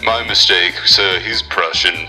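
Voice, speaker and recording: A man's voice: sits low, steady tone, unhurried, bright, forceful tone, soft background music, voice pushed down, exaggerated voice. A man voicing a stiff, formal male butler who addresses his boss as sir.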